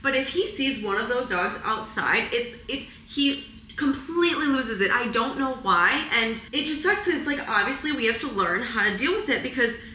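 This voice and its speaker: A woman's voice: a little high, lively intonation, normal speed, sharp tone, roomy sound, slight background noise, low-quality recording. A young woman vlogging at home in a rambling, emotional way, saying "like" constantly and close to tears. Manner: rambling, heavy use of "like", emotional and tearful. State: teary, close to crying. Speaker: wellness vlogger. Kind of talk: casual confessional vlog. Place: apartment at home.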